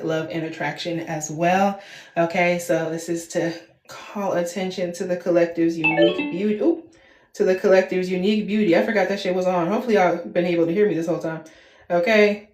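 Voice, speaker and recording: A woman in her twenties doing a casual tarot reading, talking straight to her viewers and tagging her sentences with "okay?". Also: mid-range voice. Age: 20s. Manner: chatty, addresses viewers as y'all, frequent "okay?" tags. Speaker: tarot reader. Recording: echoey room.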